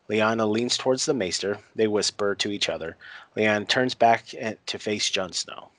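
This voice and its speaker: Low-voiced man recapping an episode. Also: normal speed, a bit bright, no echo. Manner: tries voices, laughs at himself. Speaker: podcast co-host recapping a TV episode. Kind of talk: casual recap, reading lines aloud.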